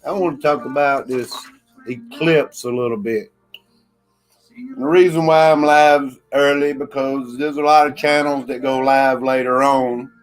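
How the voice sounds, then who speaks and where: A man hosting a casual livestream, slowly greeting viewers and thanking chatters by name. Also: medium pitch, fairly even intonation, faint music behind. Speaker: livestream host.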